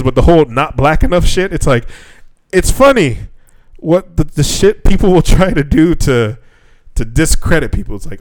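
A man's voice: a little high, very animated, moderate pace, no echo. A man co-hosting a casual podcast, ranting with lots of swearing and laughter. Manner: profane, ranting, laughs often. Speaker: podcast co-host. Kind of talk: casual chat.

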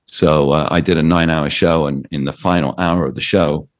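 Guest: British DJ, deep voice, storyteller, acts out quotes. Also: male voice, normal speed. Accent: British English. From Britain. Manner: animated anecdotes with quoted voices. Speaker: radio DJ and author guest. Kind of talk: storytelling interview.

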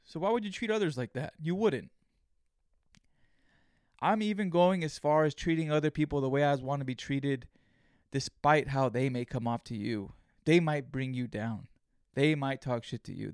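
Talking alone into the mic, this podcast host meanders through his thoughts with swearing, fillers and false starts. His voice is clear, smooth and mid-pitched with a darkish tone, recorded close and dry without echo.

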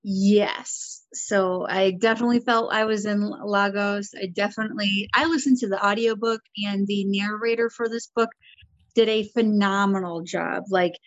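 A woman's voice: medium pitch, steady tone, moderate pace, no echo, lo-fi sound. A woman co-hosting a casual book-club podcast as a librarian, chatty and enthusiastic.

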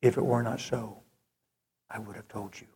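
A man's voice: on the low side, steady tone, mellow. A male preacher delivering an earnest sermon that rises to fervent moments. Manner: slow, earnest, rising to fervent.

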